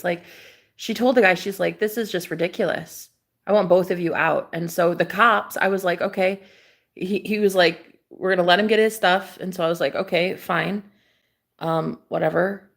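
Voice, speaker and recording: A young woman vlogger telling a story in a casual, animated way, swearing freely and acting out what people said. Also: lowish voice, moderate pace, gravelly.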